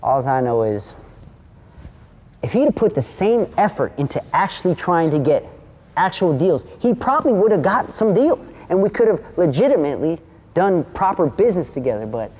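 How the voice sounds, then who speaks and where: Animated man with a mellow voice. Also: a little high, normal speed. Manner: animated, acts out quoted dialogue, swears freely. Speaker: interview guest. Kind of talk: casual storytelling.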